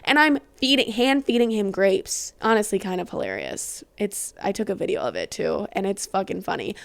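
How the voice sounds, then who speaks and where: A woman's voice: medium pitch, animated, normal speed, gravelly, no echo. A young woman hosting her own podcast, chatting casually and rambling with lots of fillers and the odd swear word. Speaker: podcast host. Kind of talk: casual solo podcast chat.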